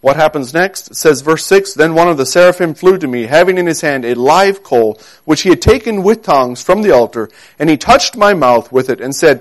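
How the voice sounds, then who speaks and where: A man preaching a sermon in an earnest, emphatic way, repeating key words and reading scripture slowly. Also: a little high, animated. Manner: reads scripture aloud slowly.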